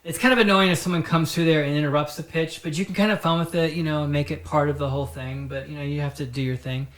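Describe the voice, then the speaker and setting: A man hosting his own podcast, telling stories in a rambling, animated, profane comic style. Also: a little high, fast. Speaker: podcast host. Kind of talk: casual comedic storytelling. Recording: roomy echo.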